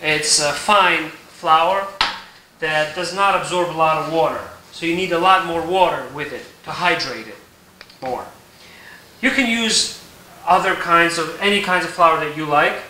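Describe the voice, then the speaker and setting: A man walks through a recipe in his home kitchen, relaxed and explanatory, often checking in with his viewers. His voice is very bright and slightly high. It sounds roomy and set back from the mic, with faint kitchen clatter behind. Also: unhurried, far from the mic, a little hiss or hum. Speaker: home baker teaching a recipe. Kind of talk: casual cooking tutorial.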